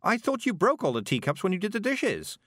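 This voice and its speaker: A man's voice: high voice, wildly swooping pitch, brisk, a bit bright, no echo, studio quality, pitched above the performer's own voice, exaggerated voice. A man reading an audiobook, voicing a frail, fussy woman who sounds weak and fretful.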